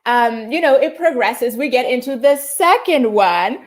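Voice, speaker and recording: A woman hosting a relaxed video-call chat, her voice sitting high and bright. She talks in an upbeat, chatty way, filling her sentences with likes and ums. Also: normal speed. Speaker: host. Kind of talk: casual chat.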